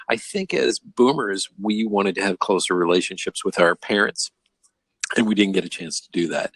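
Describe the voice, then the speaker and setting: A man's voice: lowish voice, dry recording. An older man hosting a casual video-call discussion, telling stories and acting out the voices of the people in them. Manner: animated storyteller who acts out quoted voices. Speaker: host.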